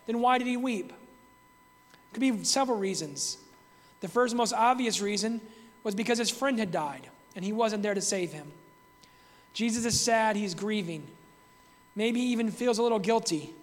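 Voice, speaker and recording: A man with a notably high-pitched voice teaches from the Bible in a calm, reflective tone. He reads scripture aloud between his explanations. The sound carries a long hall reverb. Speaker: preacher.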